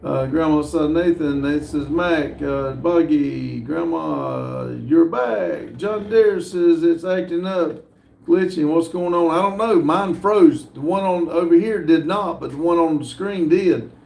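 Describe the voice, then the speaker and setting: Gravelly man hosting a roomy live stream. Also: a little high, darkish tone, slight background noise. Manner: reads comments aloud with frequent "uh" pauses. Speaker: livestream host reading viewer chat. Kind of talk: casual live-stream chat.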